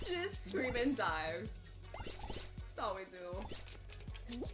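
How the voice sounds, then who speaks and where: A woman's voice: fairly high pitch, animated, takes it slowly, pauses often, bright, forceful tone. A young woman streaming a game, swearing, shrieking and laughing as she plays, chatting to viewers. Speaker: livestreamer. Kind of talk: live gameplay commentary. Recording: game music behind the voice.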